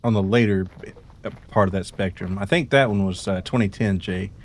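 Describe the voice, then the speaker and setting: Young man, gaming stream, laid-back, low voice, mutters to himself. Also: a little fast, a little hiss or hum. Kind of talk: casual chat while gaming.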